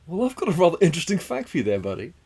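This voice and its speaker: A young man with a husky voice co-hosts a casual chat show, teasing and laughing between facts. His pitch swings freely as he jokes along. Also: wildly swooping pitch, racing, a little mellow. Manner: joking, teasing, laughs often. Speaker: podcast co-host. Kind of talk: casual banter.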